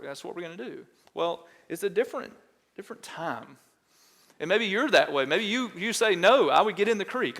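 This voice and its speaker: A man's voice: high voice, fairly bright tone, in a large hall. A man, a pastor preaching a conversational sermon in church that keeps checking in with the congregation. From Texas. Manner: conversational, asks the congregation questions. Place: church sanctuary.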